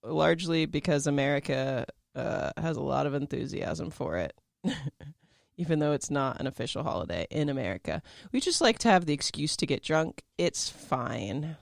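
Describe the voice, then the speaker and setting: A woman's voice: low-pitched, sing-song, moderate pace, gravelly, no room sound, studio quality. A woman co-hosting a casual podcast chat, bubbly and giggly, often trailing off with fillers. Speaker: podcast co-host.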